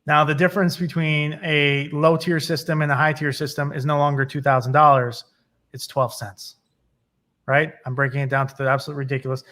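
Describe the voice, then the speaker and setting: A man's voice: a little high, level tone, a little fast, a bit bright. Emphatic man who keeps asking "right?". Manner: storytelling, builds up to punchlines. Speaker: guest, business consultant. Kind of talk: casual business interview chat.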